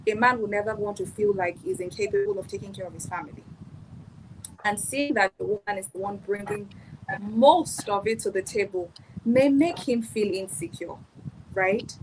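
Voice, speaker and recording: A woman's voice: medium pitch, moderate pace, slight background noise, poor audio. A woman guest on a live-streamed panel, giving earnest, emphatic opinions and bringing faith into the talk. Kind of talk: casual panel chat.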